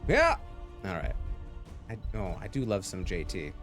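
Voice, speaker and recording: A man's voice: low-pitched, huge pitch swings, measured pace, fairly bright tone, faint music behind. A man casting a live video game match, with goofy, jokey asides between calls. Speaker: esports caster.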